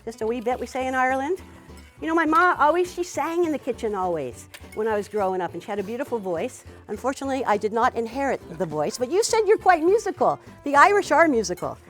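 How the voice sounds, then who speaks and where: Lively, high-voiced woman teaching cooking. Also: fast, soft background music. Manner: chatty, warm encouragement of a student, frequent "wee" and "you know". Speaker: cooking teacher and show host. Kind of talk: cooking demonstration.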